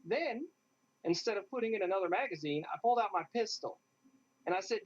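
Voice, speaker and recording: A man, a guest in an interview, telling a lively story and acting out what others said. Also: sits high, brisk. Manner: animated, acts out what others said. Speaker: interview guest, airsoft player. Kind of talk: casual storytelling. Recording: dull lo-fi sound.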